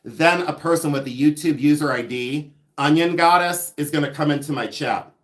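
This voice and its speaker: Male livestream seller, middle-aged, slightly high voice, gossipy and rambling, laughs a lot. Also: moderate pace. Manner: gossipy, animated, laughs often, rambling asides. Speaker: livestream host selling vintage jewelry. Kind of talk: chatty livestream monologue.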